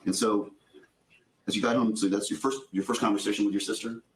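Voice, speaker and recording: Male lawyer questioning a witness, brisk and methodical, echoey courtroom audio. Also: lowish voice, steady tone. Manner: methodical, restating answers before asking. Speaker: attorney.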